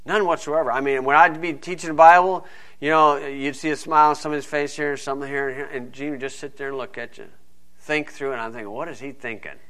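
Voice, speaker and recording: A man's voice: on the high side, steady tone, fast talker, sharp tone. A man preaching a folksy, digressive sermon, teaching verse by verse.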